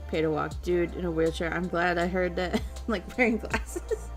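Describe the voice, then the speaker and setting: A woman's voice: lowish voice, moderate pace, faint music behind. A woman streamer in a casual chat, rambling and giggling as she goes, with easy, offhand swearing.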